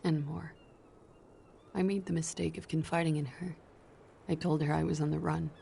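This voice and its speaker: Cast: weary young fugitive, guarded and evasive, heavy vocal fry. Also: female voice, sits low, flat delivery, normal speed, a little hiss or hum. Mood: confessing. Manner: tired, guarded, quietly evasive. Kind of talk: video game voice acting.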